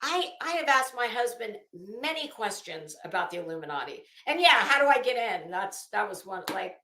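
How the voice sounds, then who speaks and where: Woman on a live stream reading chat names, chatty and cursing, bright voice, roomy echo. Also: mid-range voice, big pitch swings, normal speed. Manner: chatty, swears freely, greets viewers by name.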